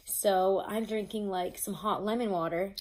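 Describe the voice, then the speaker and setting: With a mid-range, slightly mellow voice, fairly even intonation, and a measured pace, a tarot reader gives a casual, chatty reading. She swears without restraint, reads from notes, and often stumbles and begins again.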